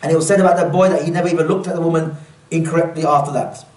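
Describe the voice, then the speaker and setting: A man's voice: on the high side, steady tone, rapid-fire, darkish tone. A man leading a religious workshop for a live audience, talking earnestly and often putting questions to the room. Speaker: workshop speaker. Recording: echoey room, mic at a distance.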